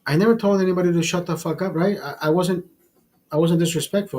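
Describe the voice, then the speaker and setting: A man casually telling a profane story in a vlog, animated and blunt. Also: high-pitched, quick pace, low-quality recording. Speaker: vlogger.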